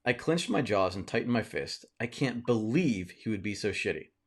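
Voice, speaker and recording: Male host reading a book passage aloud on a live session, lower register, steady narration. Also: normal speed, slightly rough.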